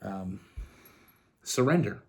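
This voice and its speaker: A man's voice: low-pitched, animated, slow, a little hiss or hum. A man from Canada giving a casual tarot love reading, earnest and rambling with frequent restarts. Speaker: tarot reader.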